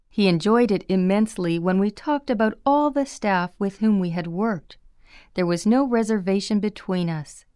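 Smooth-voiced woman reading a memoir. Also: mid-range voice, warm tone, dry recording, clean studio sound. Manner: measured, plain storytelling. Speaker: audiobook reader.

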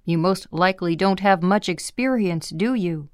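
Woman voicing a stern senior male urologist, measured, testing, smooth voice, dry sound. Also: on the low side, dry recording, natural voice.

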